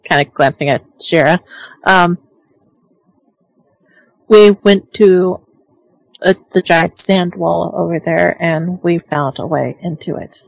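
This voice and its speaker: A woman's voice: fairly low pitch, slow, creaky, long pauses, no room sound, poor audio. A woman playing a tabletop role-play game, talking casually and trailing off as she explains herself. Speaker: player.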